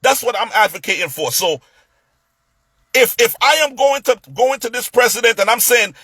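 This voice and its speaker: A man telling a story in a casual rant, animated, stumbling over repeated words and acting out what others said. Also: very high-pitched, normal speed, slightly rough, dry recording.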